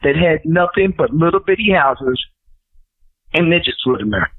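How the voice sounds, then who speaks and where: A man and guest rapper telling stories in casual chat, animated and acting out quotes in raised voices. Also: a little high, moderate pace. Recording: tinny phone line.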